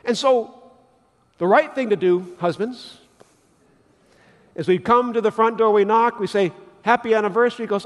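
A man's voice: high-pitched, normal speed, pauses often. A man preaching a sermon as pastor, telling everyday stories and acting out little scenes as he makes his point. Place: church sanctuary. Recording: long church reverb.

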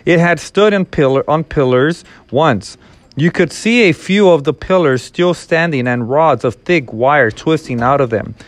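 A man reading a novel aloud in a steady, measured storytelling manner. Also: fairly high pitch, dry recording. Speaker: reader.

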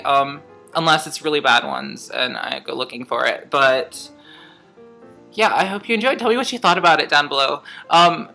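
A woman's voice: sits low, gravelly, pushed and bright. A young woman reading fan fiction aloud and chatting casually to her viewers. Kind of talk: casual vlog reading and chat.

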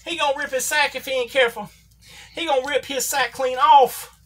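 Her voice is high-pitched, steady, brisk and fairly bright as a woman does a comedic turn as a folksy Southern old-timer announcing a toy figure match. She lays on a thick put-on drawl and country grammar, sounding excited like she's ringside.

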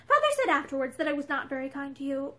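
Woman reading as a calm, polite gentleman. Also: high voice, quick pace, full character voice. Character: calm grown man, politely detached.

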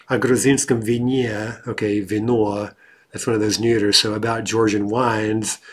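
A man teaching a language grammar lesson, explaining patiently and often checking in with "right?". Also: on the low side.

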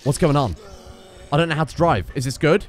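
A young man giving casual let's-play commentary, excitable, swearing and shouting at his teammates. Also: on the high side, brisk, soft background music. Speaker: gaming video host.

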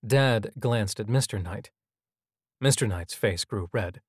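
A man's voice: lowish voice, takes it slowly, husky, no room sound. Man narrating a story, dry close sound. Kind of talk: scripted audio drama narration.

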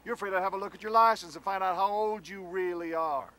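A sarcastic, fed-up fiancé. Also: male voice, on the high side, animated, normal speed. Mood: scornful. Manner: dry, sarcastic, bursts into yelling. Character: exasperated fiancé on a road trip, sarcastic. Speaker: actor. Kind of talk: comedy sketch acting.

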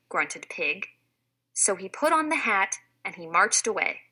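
Slow, expressive woman reading to kids. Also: medium pitch. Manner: clear, expressive read-aloud for children. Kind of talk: reading a children's storybook aloud.

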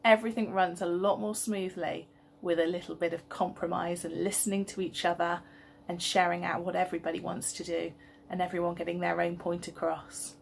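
A woman, a teacher reading a story aloud and leading school worship in a gentle, expressive way. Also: fairly low pitch, fairly quick, gravelly, a little hiss or hum. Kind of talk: storybook reading and assembly talk.

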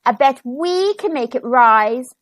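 A woman's voice: high-pitched, animated, slow, dry recording, studio quality, exaggerated voice. A woman voicing a smug, sneering male cat in a storybook.

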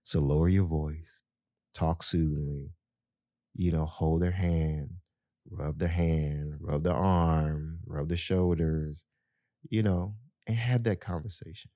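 A man's voice: extremely low pitch, steady tone, slow, mellow, no echo. A man hosting a podcast, talking casually and earnestly to his listeners with lots of "you know". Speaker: podcast host. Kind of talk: casual advice talk to listeners.

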